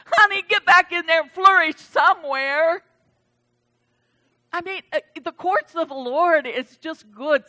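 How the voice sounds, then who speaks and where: A woman's voice: high-pitched, a bit bright. A woman pastor preaching a sermon, emphatic and chatty, with casual asides to the congregation.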